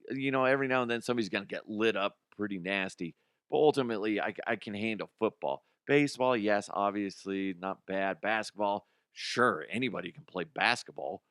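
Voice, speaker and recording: A man in his thirties or forties hosting a comedy news podcast, talking bluntly and profanely, swinging between heated rants and quiet asides. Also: lowish voice, moderate pace, smooth, dry recording, studio quality. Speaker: podcast host. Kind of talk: casual comedic news commentary.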